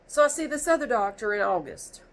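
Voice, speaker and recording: A woman's voice: fairly high pitch, brisk, poor audio. Exasperated woman ranting with a stuffy nose. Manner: exasperated, animated, rambling with restarts. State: stuffy from sneezing. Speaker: vlogger. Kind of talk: casual storytime rant.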